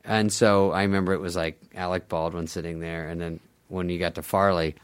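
A man's voice: low voice, a little fast, clean tone. A middle-aged man, a former sketch show writer and performer, telling loose, funny stories as a guest, laughing often and swearing freely. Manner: animated, laughs often, swears freely, mimics other people. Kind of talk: casual storytelling in a podcast interview.

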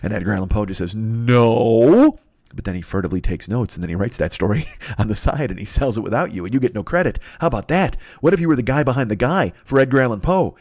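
A man's voice: fairly low pitch, expressive, rapid-fire, a little mellow, slightly rough, dry recording. A man in his fifties, a podcast host, riffing in a rambling, profane comedic rant and acting out silly voices. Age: 50s.

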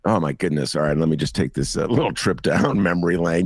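An older man hosting a talk show, chatting casually with animated, jokey asides. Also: deep voice, fast talker, slightly rough, no echo, studio quality. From Chicago area, US. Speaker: podcast host. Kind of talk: casual chat.

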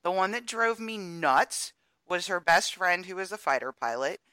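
A woman's voice: lowish voice, lively intonation, moderate pace, sharp tone, clear, resonant tone, no room sound. A woman co-hosting a podcast, chatting casually and sharing exasperated opinions about a movie. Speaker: podcast co-host. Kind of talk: casual chat.

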